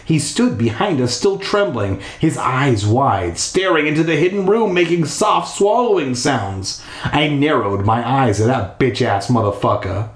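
A man's voice: mid-range voice, expressive, unhurried. A man reading a spooky children's book aloud in a bathtub, throwing in crude, irreverent asides. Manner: irreverent, swearing ad-libs. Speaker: reader. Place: bathroom, in a bathtub. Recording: echoey bathroom.

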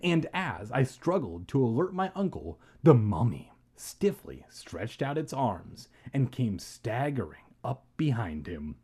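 A man's voice: medium pitch, very animated, unhurried, few pauses, darkish tone, breathy edge. A man reading a storybook aloud with irreverent, profane joking asides. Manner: irreverent, profane, laughs often.

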